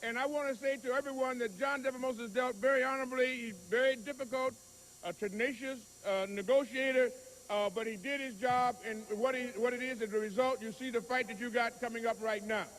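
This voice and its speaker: High-voiced promoter keeping order at the podium. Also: male voice, fairly even intonation, a bit bright, a little hiss or hum, rough recording. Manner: folksy, quick, trying to keep order. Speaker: boxing promoter moderating a press conference. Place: press conference room.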